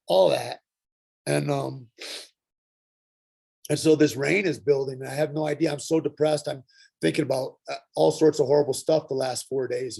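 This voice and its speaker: A middle-aged man telling his personal recovery story at a workshop, earnest and halting, with frequent pauses and restarts. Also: a little high, vocal fry, a little mellow, husky. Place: Santa Fe.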